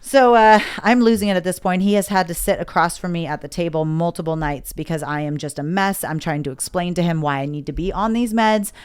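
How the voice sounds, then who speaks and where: Woman telling a story, smooth low voice. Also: a little fast, hardly any pauses. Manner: animated, acts out quoted dialogue. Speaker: podcast guest. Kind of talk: casual storytelling interview.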